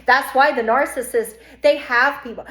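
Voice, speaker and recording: Woman coach ranting to camera, high voice, repeats stuff for emphasis, echoey room. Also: fairly even intonation, normal speed, fairly bright tone. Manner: emphatic, acts out quoted voices. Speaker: self-esteem coach. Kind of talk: casual direct-to-camera monologue.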